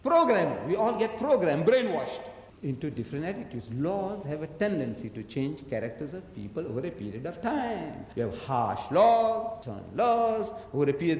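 A man lectures with a lively, swooping delivery and a fairly high voice. He drives his points home with rhetorical questions and acts out voices in his anecdotes. The sound is echoey with a long hall reverb. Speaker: religious lecturer. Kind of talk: public lecture on religion.

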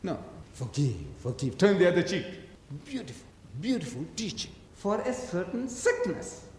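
A man lectures with a lively, swooping delivery and a fairly high voice. He drives his points home with rhetorical questions and acts out voices in his anecdotes. The sound is echoey with a long hall reverb. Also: moderate pace, a little hiss or hum. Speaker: religious lecturer. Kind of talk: public lecture on religion.

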